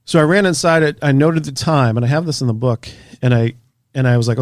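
A man, an author and researcher, telling a story in a casual interview, animated and casually swearing. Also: medium pitch, a little fast, no echo, clean studio sound.

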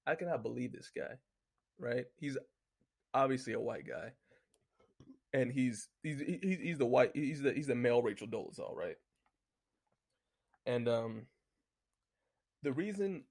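A man with a mid-range voice and vocal fry delivers a casual, heated rant and sports talk solo, reading from his notes. He curses constantly and keeps saying "you know what I'm saying."

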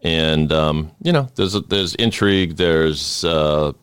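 A man's voice: extremely low pitch, slow pace, fairly bright tone, clear, resonant tone, no room sound. A man from hosting a podcast in a rambling, stammering, jokey way. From Boston. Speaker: podcast host. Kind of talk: casual podcast chat.

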